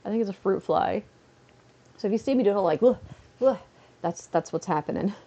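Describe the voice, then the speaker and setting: A woman's voice: medium pitch, quick pace, gravelly, mellow. A woman from Canada chatting casually on a livestream at home, rambling with lots of "like" fillers. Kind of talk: casual chat. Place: at home, seated on a beanbag.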